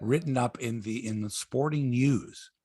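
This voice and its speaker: A man in his sixties hosting a sports podcast, telling stories in a casual, animated way and acting out quotes. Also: medium pitch, unhurried, breathy edge. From Canada. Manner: animated storyteller, acts out quotes, swears freely. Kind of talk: casual sports chat and storytelling.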